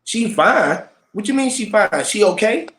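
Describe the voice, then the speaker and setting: A man talking casually on a panel, always hyped up and loud in how he speaks. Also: high-pitched, lively intonation, unhurried, echoey room. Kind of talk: casual chat.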